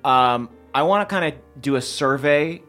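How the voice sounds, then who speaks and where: A man's voice: on the high side, animated, normal speed, a bit bright, faint music behind. A man playing in a comedic tabletop game, earnest and goofy. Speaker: player. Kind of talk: casual tabletop play.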